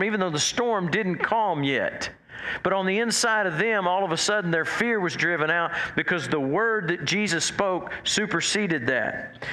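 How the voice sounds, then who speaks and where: Man preaching in an echoey room. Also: bright, forceful tone. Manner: conversational preaching with restarts, quotes scripture with lifted pitch. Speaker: pastor. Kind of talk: sermon.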